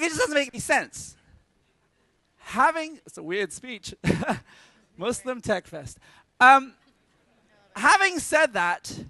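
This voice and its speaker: A man giving a lively conference talk to a live audience, energetic and joking with punchy asides. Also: very high voice, no room sound. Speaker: conference speaker.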